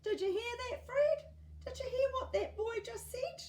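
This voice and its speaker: A woman's voice: extremely high pitch, moderate pace, slight background noise, pitched above the performer's own voice. A woman doing a chirpy, doting old lady neighbour. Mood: delighted. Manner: bright, exclaiming. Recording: roomy, distant mic.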